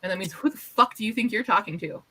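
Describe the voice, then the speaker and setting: A woman in casual chat, an animated storyteller who swears freely and acts out quotes. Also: medium pitch, fast, husky, rough recording.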